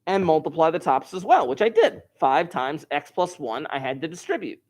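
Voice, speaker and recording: A man's voice: a little high, sing-song, normal speed. A man teaching an online algebra class, explaining steps while joking and chatting with his students. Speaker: math teacher. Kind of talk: live online class lesson.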